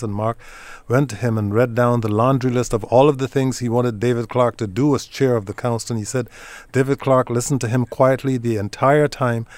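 A man's voice: medium pitch, a little mellow, no echo. A male radio talk show host with a mid-range voice who asks questions with curiosity and chuckles often. He sits in a radio studio, and the sound is close and dry. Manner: inquisitive, chuckles between remarks.

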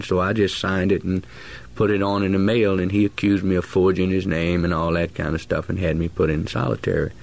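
A man's voice: low-pitched, gravelly. A man telling his own life story as a former prisoner, in plain-spoken, colloquial speech that is earnest and emotional. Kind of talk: personal testimony storytelling.

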